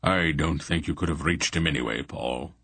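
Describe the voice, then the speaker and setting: A stern, ancient sorcerer, voiced by a male reader speaks in a grim, measured tone. His voice sits deep and husky. It is a storybook voice, read dry and close. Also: fairly bright tone, dry recording, exaggerated voice. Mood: grim gentle.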